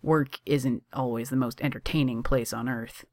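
A reader voicing a grumpy young male lawyer who talks in a slow, clipped, deadpan way. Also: mid-range voice, no room sound, lightly acted.

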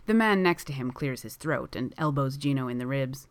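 Very low-voiced woman reading a story. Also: lively intonation, moderate pace, dry recording. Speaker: reader. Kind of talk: reading fiction aloud.

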